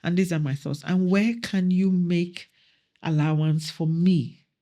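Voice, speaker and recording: With a dark tone, fairly low pitch, and fairly even intonation, a woman talks at a measured pace on a podcast. She is a councillor and mother recounting personal stories in an earnest, reflective conversational way, acting out family dialogue.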